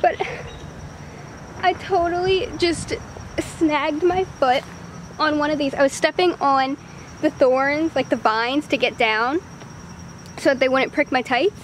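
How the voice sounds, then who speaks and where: A woman's voice: high-pitched, takes it slowly, pauses often, slight background noise. A young woman vlogging outdoors in the woods, out of breath and chatting in a rambling way about her dance shoot. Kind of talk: casual vlog chat.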